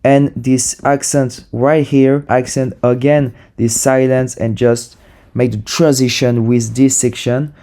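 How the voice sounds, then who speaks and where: Mellow-voiced man explaining beat production. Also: mid-range voice, flat delivery, takes it slowly. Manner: enthusiastic, repeats "super" and "you know". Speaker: music producer. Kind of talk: casual tutorial walkthrough.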